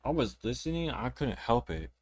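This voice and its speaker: With a husky, mid-range voice that swings widely in pitch, a young man hosting a reaction channel rants at clips at a normal speed. Indignant and profane, he keeps repeating himself, doubling up words and restarting sentences.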